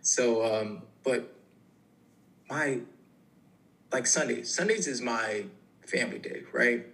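Guest, male, 30s, gravelly mid-pitched voice, animated storyteller. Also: slow. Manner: animated, storytelling, lots of fillers. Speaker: mental health coach, guest. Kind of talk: casual interview talk.

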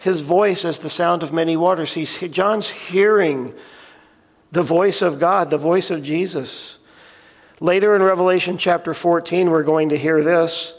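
A man's voice: high voice, moderate pace. A man preaching a sermon, earnestly reading scripture aloud and explaining it plainly. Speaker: pastor. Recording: long reverb of a large hall.

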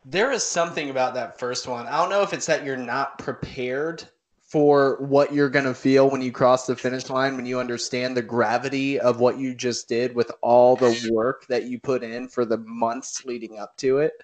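A man's voice: medium pitch, fairly even intonation, moderate pace. Male podcast host, mid-range voice, casual and friendly. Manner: friendly, encouraging questions. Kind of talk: casual interview chat.

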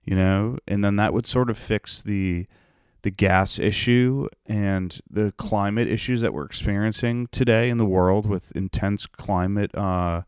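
A man's voice: lowish voice, measured pace, smooth, no room sound, studio quality. A young man hosting a podcast, rambling and ranting in a profane, sarcastic way. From Rhode Island, United States. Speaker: podcast host. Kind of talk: casual solo podcast rant.

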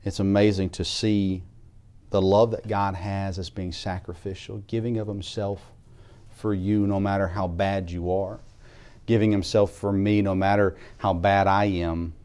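A man preaching a sermon, reading scripture aloud in King James wording and building from quiet reflection to louder emphasis. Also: low voice, little pitch movement, unhurried, clear, resonant tone.

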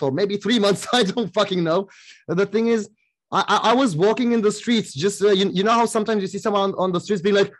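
A man from Romania, a podcast guest, talking casually in a rambling way with many fillers. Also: sits high. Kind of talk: casual conversation.

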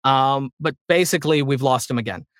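A man talking as a guest in a casual interview about voice acting, with animated high energy. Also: a little fast, no echo, clean studio sound. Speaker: voice actor guest.

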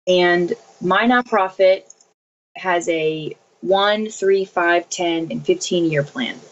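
Earnest woman, 30s, lowish voice, keeps repeating herself, muffled lo-fi audio. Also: normal speed, a little hiss or hum. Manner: earnest, repeats phrases, laughs often. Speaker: interview guest. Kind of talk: earnest faith-based interview answers.

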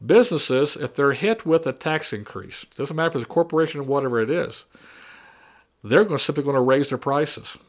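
A man's voice: mid-range voice, expressive, brisk. A man delivering a combative opinion monologue, repeating and mocking his opponents' arguments. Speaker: political commentator.

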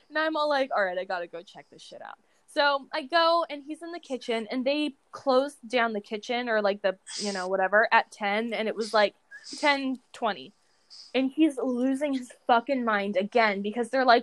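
A woman co-hosting a podcast, casually telling a dating story in an animated way, swearing and laughing as she goes. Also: fairly high pitch, moderate pace, dry recording. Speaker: podcast co-host.

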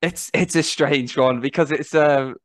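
Male co-host, mid pitch, dry close sound, eager and enthusiastic. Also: measured pace, no room sound. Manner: enthusiastic, laughs readily. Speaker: podcast co-host. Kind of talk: casual chat.

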